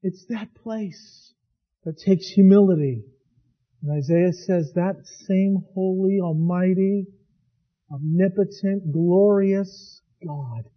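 A man preaching a sermon as pastor, swinging from hushed to loud. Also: high voice, slow, slightly rough, dull audio.

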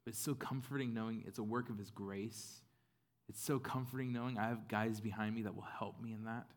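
A man's voice: on the low side, fairly even intonation, brisk. A man preaching a sermon in a casual, conversational way, with plenty of fillers. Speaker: pastor.

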